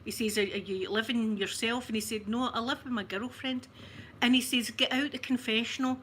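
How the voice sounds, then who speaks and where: A Scottish woman telling a funny family story on her livestream, chatty and animated, often breaking into laughter. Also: on the high side, normal speed, slight background noise. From Scotland. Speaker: ASMR livestream host.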